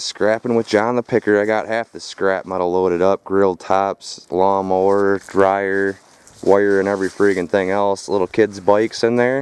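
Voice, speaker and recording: A man filming a casual vlog outdoors at a rural property. He talks straight to his viewers in a rough, profane way. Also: fairly low pitch, darkish tone. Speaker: scrap metal vlogger.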